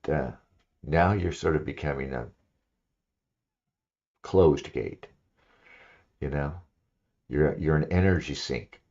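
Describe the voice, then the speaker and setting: A man with a rumbling low, creaky, slightly mellow voice hosts a solo livestream, rambling and opinionated with plenty of "you know" fillers. At times he reads aloud, and the lo-fi stream audio is slightly dull.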